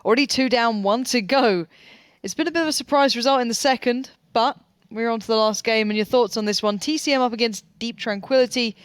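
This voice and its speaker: Smooth-voiced upbeat esports host. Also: mid-range voice, brisk, dry recording. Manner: upbeat, teasing host patter. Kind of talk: esports match hosting.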